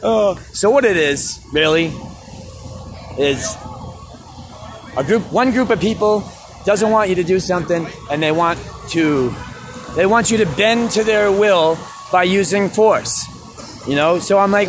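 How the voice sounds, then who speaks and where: A man's voice: high voice, normal speed, a little hiss or hum. A man vlogging outdoors in a city plaza, talking casually and acting out both sides of his arguments. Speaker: street musician vlogger. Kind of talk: casual outdoor vlog rant.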